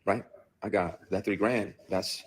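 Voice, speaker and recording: A man's voice: deep voice, fairly even intonation, a little slow, husky. A man, an actor, bluntly and emotionally recounting a personal ordeal, with profanity. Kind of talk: played clip of a personal account.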